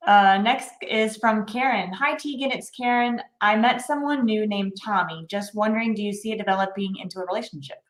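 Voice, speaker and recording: A woman's voice: medium pitch, fairly quick, hardly any pauses, reverberant. A woman hosting a live stream, upbeat and giggly, reading out viewer questions. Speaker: host.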